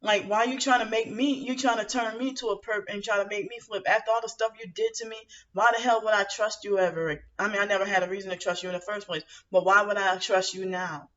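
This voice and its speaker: Rambling woman venting, bright and distant. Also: medium pitch, fairly even intonation, fast, hardly any pauses. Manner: rambling, with frequent fillers and restarts; aggrieved, indignant. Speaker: vlogger. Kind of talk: venting monologue to camera. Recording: muffled lo-fi audio from some distance to the mic.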